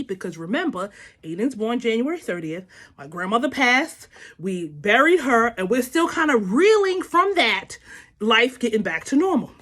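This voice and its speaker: Animated woman telling a family story. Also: a little high. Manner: animated, laughing, addresses listeners as y'all. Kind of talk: casual storytelling to viewers.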